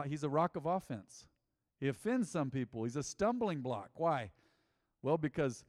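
Male pastor preaching to the room, playful and animated, dry close mic but long hall tail. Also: mid-range voice. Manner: lively, jokes with the congregation, repeats answers. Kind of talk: interactive sermon.

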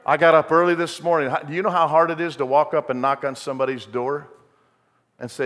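A man's voice: fairly high pitch, level tone, quick pace, a bit bright. A male pastor preaching a sermon, telling folksy stories and building to emphatic bursts. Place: church sanctuary. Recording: long hall reverb.

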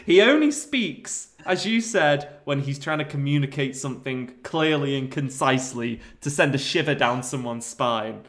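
A man's voice: medium pitch, expressive, normal speed, few pauses, fairly bright tone. A man co-hosting a comedy podcast, rambling through a made-up film plot with frequent laughter. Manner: rambling storyteller, laughs often. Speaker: podcast co-host. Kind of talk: casual comedic chat.

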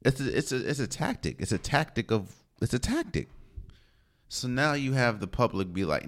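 A young man hosting a solo sports podcast, talking in a casual, slangy, opinionated way. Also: fairly low pitch. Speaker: podcast host.

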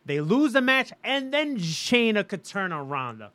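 Male podcast co-host, opinionated and emphatic; high, bright voice with an animated, swinging pitch. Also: unhurried. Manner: opinionated, emphatic, swears freely. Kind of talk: casual wrestling talk.

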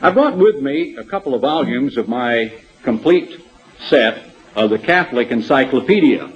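Husky-voiced man preaching conversationally. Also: medium pitch, animated, moderate pace. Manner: conversational, with asides and rhetorical questions. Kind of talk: sermon with Bible reading. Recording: dull lo-fi sermon tape.

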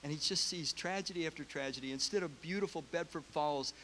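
A man preaching, retelling a story with feeling and casual asides. His voice sits a bit high. A faint hiss lies under the recording. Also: brisk, pushed and bright. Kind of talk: sermon retelling a film story.

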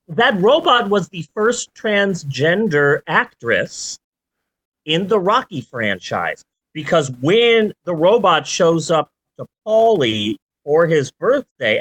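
A man hosting a casual movie podcast, ranting and joking with animated swings and the odd shouted outburst. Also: on the high side, dry recording. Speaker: podcast host.

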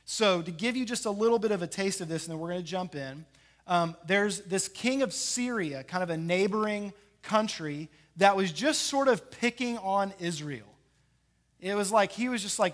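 A male pastor delivers a sermon with a fairly high voice. He retells scripture with a lively storytelling manner, slipping into the voices of the characters as he goes. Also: normal speed. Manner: animated storytelling, acting out the characters.

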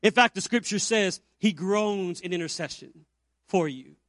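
Man, pastor, fifties, Easter sermon, high voice, builds to emphatic peaks then drops quiet. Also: measured pace, no echo, clean studio sound. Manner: preaching with rising emphatic peaks and quiet low stretches.

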